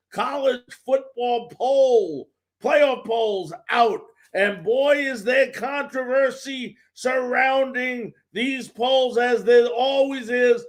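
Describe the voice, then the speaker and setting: Sports talk host, male, very high voice, fired-up ranting delivery, hammers points by repeating words. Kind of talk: live sports talk show monologue.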